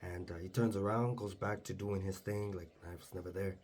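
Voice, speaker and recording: A young man casually retelling a vivid dream in a hushed, low-key way, acting out the dialogue. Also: steady tone, brisk, a little hiss or hum. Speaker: storyteller.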